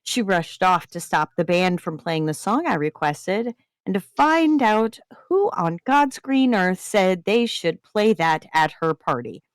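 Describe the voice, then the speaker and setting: A woman hosting a writing-prompt stream, reading submitted stories aloud in an expressive way. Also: lowish voice, a little slow, no room sound, clean studio sound. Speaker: podcast host reading submissions. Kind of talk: livestream story reading.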